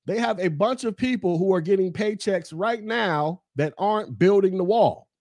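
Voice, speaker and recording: Here a U.S. podcast host delivers a heated, profane political rant, taunting his listeners and hammering phrases through repetition. His voice sits high and is animated and slightly mellow at a moderate pace, with no room sound.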